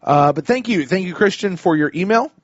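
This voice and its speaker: A man's voice: high-pitched, expressive, a little fast, dry recording. Man chatting dry on a dull podcast mic. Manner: laid-back, chuckling, lots of fillers. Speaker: podcast co-host reading listener emails. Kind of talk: casual sports chat.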